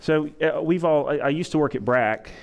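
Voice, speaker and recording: Halting man lecturing, smooth voice. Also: a little high, muffled recording. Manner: self-described monotone, halting with frequent fillers. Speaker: emergency physician giving a training lecture. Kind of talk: conference lecture to EMS staff. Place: lecture room with an audience.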